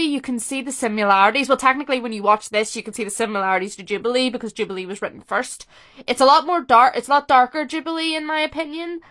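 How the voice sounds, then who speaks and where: Young female vlogger, fairly high pitch; chatty, emotional fan with quick self-interrupting restarts. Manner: excitable, talks fast with restarts and self-interruptions. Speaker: vlogger reacting to a TV rewatch. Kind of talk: casual chatty reaction commentary.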